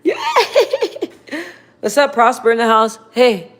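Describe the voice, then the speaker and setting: A young woman chatting casually on a livestream, slangy and relaxed as she talks to her viewers and her dog. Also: fairly high pitch, takes it slowly. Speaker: livestream host.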